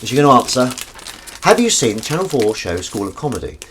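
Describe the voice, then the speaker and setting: Man, kitchen livestream, very lively intonation, chatty, self-mocking. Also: medium pitch, brisk, slight background noise. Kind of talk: casual chat reading viewer comments.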